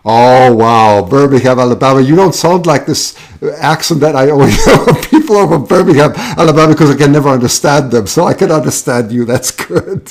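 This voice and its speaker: A man's voice: medium pitch, fairly quick, hardly any pauses. A man hosting a live call-in show, chatting casually and rambling, with lots of fillers and restarts.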